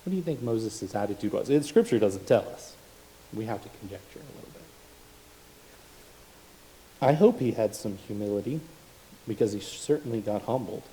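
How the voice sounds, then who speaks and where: A male preacher giving a sermon, building to loud, emphatic rhetorical questions. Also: lowish voice, lively intonation, normal speed, long pauses, a little hiss or hum, rough recording.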